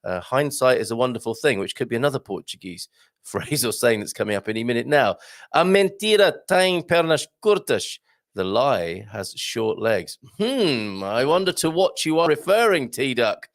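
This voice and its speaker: A man's voice: mid-range voice, big pitch swings, normal speed, no room sound, clean studio sound. A man hosting a live morning show, chatting casually and joking while reading out viewer comments. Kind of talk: casual live-stream chat.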